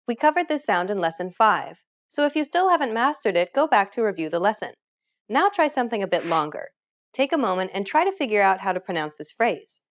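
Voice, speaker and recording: A woman's voice: medium pitch, sing-song, fairly quick. A woman narrating a scripted language lesson in an upbeat, encouraging way. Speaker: language teacher.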